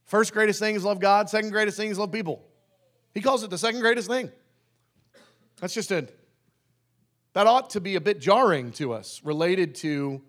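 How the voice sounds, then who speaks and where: Conversational man preaching a sermon. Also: sits high. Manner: conversational, with restarts and emphatic slowed phrases. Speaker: pastor.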